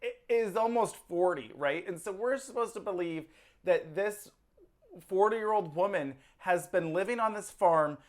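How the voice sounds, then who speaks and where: A woman co-hosting a casual movie review podcast, talking in a relaxed way and laughing along as she reasons her points through. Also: mid-range voice, a little slow. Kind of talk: casual chat.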